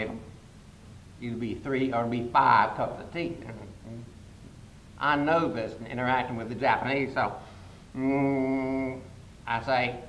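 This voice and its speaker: Older male conference speaker with a mid-range voice, spinning humorous tales in a roomy hall with a faint low rumble behind him. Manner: animated storyteller with sudden loud jumps. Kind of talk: humorous storytelling speech.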